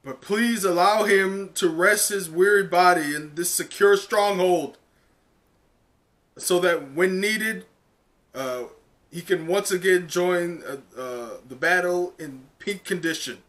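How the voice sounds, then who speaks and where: Man reading a formal, measured male official. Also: high-pitched, a bit bright. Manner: formal, halting reading with many uh fillers.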